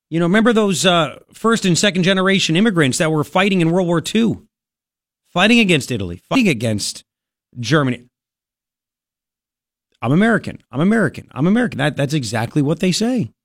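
A man's voice: high voice, expressive, brisk, a bit bright, no echo. A man hosting a talk radio show, delivering an opinionated monologue full of rhetorical questions into a studio microphone. He grew up on Long Island, New York.

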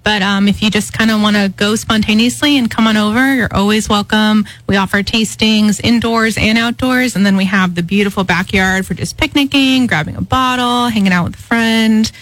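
A woman's voice: mid-range voice, fairly even intonation, moderate pace, few pauses, a bit bright, poor audio. A woman, the general manager of a winery, talking as a guest on a radio morning show in a friendly, easygoing way. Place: radio studio. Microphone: studio microphone.

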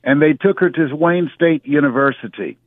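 A man's voice: fairly high pitch, moderate pace, no echo. Older man preaching over a tinny phone line. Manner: preacherly, repeats key phrases for emphasis. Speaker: guest motivational speaker. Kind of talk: motivational radio talk.

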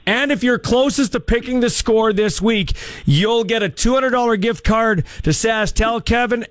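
Chatty high-voiced sports radio host man. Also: no echo. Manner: chatty, rambling with fillers. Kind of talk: casual call-in radio talk. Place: radio studio.

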